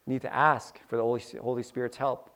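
A man's voice: medium pitch, flat delivery, quick pace, fairly bright tone. A man preaching a sermon, acting out little scenes with sound effects and repeating key lines for emphasis. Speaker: pastor.

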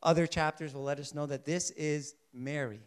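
High-pitched male preacher, preaches with rhetorical questions, slow and soft on key points. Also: steady tone, clear, resonant tone. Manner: asks the congregation rhetorical questions and answers them; shifts between soft, slow emphasis and louder bursts. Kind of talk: sermon.

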